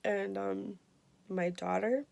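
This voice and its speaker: A woman in her twenties giving an earnest, emotional personal health update, halting with many fillers. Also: mid-range voice, fairly even intonation, gravelly, a little mellow. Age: 20s. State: emotional, near tears. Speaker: vlogger.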